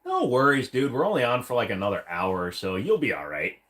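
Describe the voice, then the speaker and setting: Rambling, animated man chatting on a livestream. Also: medium pitch, brisk. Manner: rambling, joking, jumps into silly voices. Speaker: livestream host. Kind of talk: casual livestream chat with viewers. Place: home room, seated against a wall.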